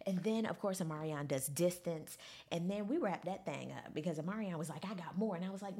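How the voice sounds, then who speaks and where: Sassy, animated woman with a husky voice. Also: quick pace. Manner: animated and sassy, dramatic pitch swings, mock-incredulous asides. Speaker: commentator recapping a music event. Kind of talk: casual recap monologue.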